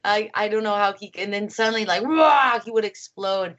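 Woman filmmaker chatting on a call, excited storyteller, kinda dull lo-fi audio. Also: medium pitch, fairly quick. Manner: animated, acts out quotes, laughs often. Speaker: filmmaker guest. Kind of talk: casual interview chat. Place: home.

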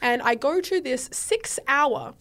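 A young woman, a podcast guest telling a story in casual chat and acting out the quoted lines with big swings in loudness. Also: high voice, takes it slowly. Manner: animated, acts out quoted dialogue loudly.

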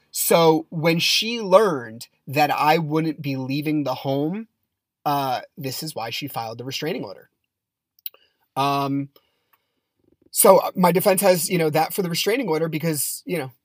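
A man's voice: on the high side, no echo, studio quality. A man hosting his own podcast, telling a personal story in a casual monologue with a heated, blunt manner. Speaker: podcast host.

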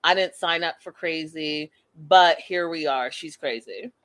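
A woman voicing an exasperated young man, a calm boyfriend who is fed up, in a flat, weary grumble. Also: sits low, unhurried, voice pushed down.

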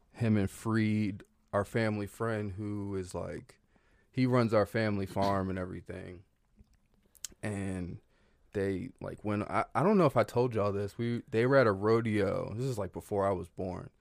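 Podcast guest, man, low voice, dry close sound, loose profane storyteller. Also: fairly even intonation, measured pace, creaky, a little mellow, dry recording. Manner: loose and profane, with many fillers and laughs. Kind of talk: casual storytelling.

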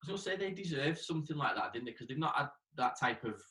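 A man's voice: fairly high pitch, expressive, fast, pushed and bright. A man co-hosting a podcast, making hesitant, trailing remarks. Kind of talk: casual podcast interview. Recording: roomy and distant from the mic.

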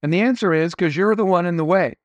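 A middle-aged man with a notably high voice speaks as an interview guest, earnest and anecdotal as he shares motivational lessons. The sound is dry and close, with no room around it. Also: fast, no room sound. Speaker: entrepreneur guest. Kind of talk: conversational interview storytelling.

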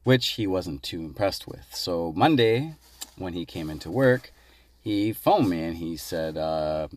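Low-voiced man telling a work story. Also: unhurried, dry recording. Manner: animated, laughs while telling. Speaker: caller leaving a voice message. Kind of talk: casual storytelling.

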